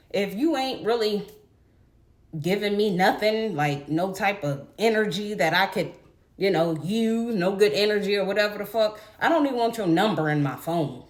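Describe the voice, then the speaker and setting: A woman's voice: mid-range voice, moderate pace. Young woman, vlogger, blunt, cussing, emphatic storytime rant.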